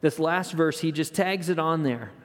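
A male pastor preaching a sermon, telling the story in a conversational way and dropping to hushed tones for emphasis. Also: on the high side, moderate pace, long reverb tail.

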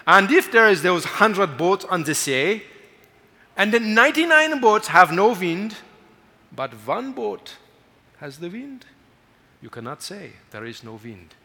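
A man putting on a German accent to imitate an evangelist, declaiming slowly and emphatically. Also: high-pitched, very animated, pushed and bright, in a large hall, pitched above the performer's own voice, exaggerated voice. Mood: emphatic. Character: booming older German male evangelist.

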